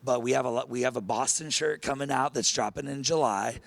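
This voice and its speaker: Brief: man in a bar, mid pitch, gravelly voice, hesitant and halting. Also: fairly bright tone. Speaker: reality show contestant. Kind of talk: casual interview.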